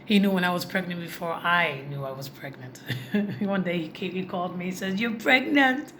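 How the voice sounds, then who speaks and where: Talking straight to her audience, a woman vlogger recounts something personal with heartfelt candor. Her voice is fairly low and somewhat bright, her delivery brisk, and the recording has a noisy background.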